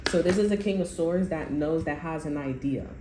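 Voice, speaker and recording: Speaking at a normal speed in a low register, a woman gives a casual tarot reading full of profanity and bluntness, wandering and saying things twice. It's recorded in a roomy space with echo and a faint hiss.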